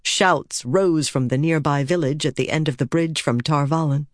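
An audiobook narrator reading a fantasy story in a measured, steady way and voicing its characters. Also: mid-range voice, dry recording, studio quality. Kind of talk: scripted narration.

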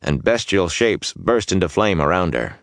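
A deep-voiced man narrates a scripted fantasy audiobook with measured, even storytelling. The sound is clean studio quality with no echo.

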